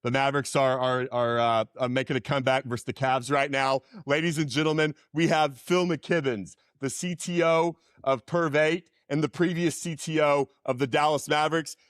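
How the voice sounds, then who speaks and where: A man co-hosting a podcast in casual chat, excitable and quick to say dude and man. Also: a little high, dry recording, studio quality. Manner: lively and excitable, calls people dude and man. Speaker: podcast co-host. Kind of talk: casual talk show chat.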